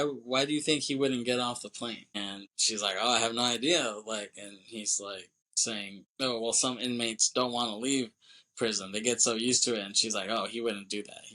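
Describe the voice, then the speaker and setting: Young male podcaster, bright forceful tone, loose rambling recap with quick character impressions. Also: mid-range voice, poor audio. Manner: rambling retelling, quoting characters with quick voice shifts. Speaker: podcast co-host. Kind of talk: casual movie recap.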